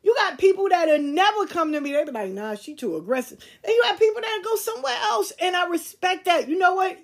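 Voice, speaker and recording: A woman's voice: very high-pitched, quick pace. A middle-aged woman hosting a podcast, talking straight to her listeners in a blunt, emphatic, lecturing way, swearing freely. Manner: preachy, lecturing tone. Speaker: podcast host. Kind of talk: candid monologue to listeners.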